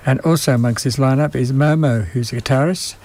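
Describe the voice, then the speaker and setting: Halting man hosting a music radio show. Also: medium pitch, darkish tone, slight background noise. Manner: halting, many ums and uhs. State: losing his voice, coughing. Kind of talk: unscripted radio presenting.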